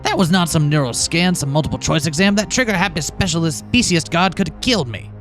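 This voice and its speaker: A man's voice: a little high, lively intonation, fast talker, fairly bright tone, faint music behind. A man reading as a betrayed angry detective. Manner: accusing, indignant. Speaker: let's play host voicing game characters. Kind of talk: reading game dialogue aloud.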